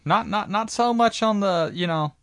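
A man's voice: sits high, moderate pace, fairly bright tone, no echo, studio quality. A man chatting casually about a film, hesitant and full of "you know" fillers. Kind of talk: casual movie recap chat.

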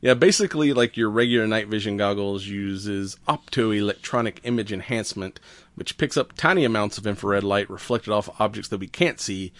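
A man with a lowish voice talks through science news on a casual podcast. He explains things at an easy, unhurried pace, breaking off with fillers and chuckles. The sound is dry and close to the mic. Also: no room sound. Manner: relaxed, laughs often, fillers while explaining. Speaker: podcast co-host.

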